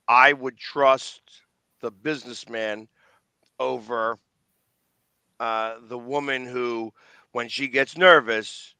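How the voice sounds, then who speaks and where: A Philadelphia-accented man holds forth in casual chat, blunt and opinionated, tripping over restarts. His voice is bright and forward, and the recording is dry with no room sound. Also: mid-range voice, smooth, no echo, low-quality recording. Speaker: sports show host.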